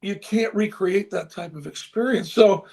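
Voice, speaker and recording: An older man, a former baseball manager, telling an emotional story in an interview with earnest, animated delivery. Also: high voice, moderate pace, vocal fry. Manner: earnest, animated, with frequent restarts.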